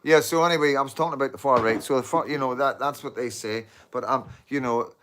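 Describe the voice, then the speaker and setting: A man's voice: mid-range voice, fast talker, fairly bright tone, slight background noise. A man with a Northern Irish accent rambling to his viewers at home in a casual monologue, repeating "you know what I mean" and swearing. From Northern Ireland. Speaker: online show host. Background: dogs at home.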